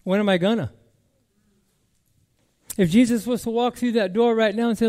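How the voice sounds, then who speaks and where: Emphatic high-voiced male pastor. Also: steady tone, moderate pace. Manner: emphatic, repeats key words, swings from loud declarations to quiet musing. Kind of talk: sermon.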